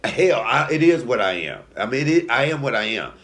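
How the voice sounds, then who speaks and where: Here a comedian in his forties shares a story from his own life, talking right to the viewers in a mid-range voice at normal speed. He's sassy and lively, cracks himself up, and alternates between hushed remarks and sudden loud outbursts.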